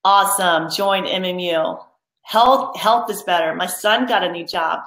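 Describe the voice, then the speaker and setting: Speaking on the low side, a little slowly and with a bit of brightness, a mom coach hosts a live online workshop, captured in a reverberant, low-quality recording. She reads viewers' comments aloud and walks the mothers through a spoken pledge in her motivational session.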